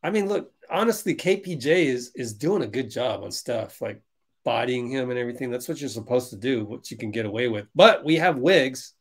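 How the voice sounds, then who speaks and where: A man hosting a fan livestream, reacting loudly to a basketball game as it plays and answering viewers in chat. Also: mid-range voice, animated, fairly quick. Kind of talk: live basketball watch-along commentary.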